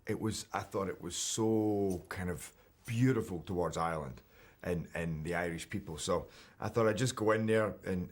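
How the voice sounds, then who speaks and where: A Scottish man in his thirties, an actor chatting in an interview, relaxed and self-deprecating, with hesitant restarts. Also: on the low side. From Scotland. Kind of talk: casual interview chat.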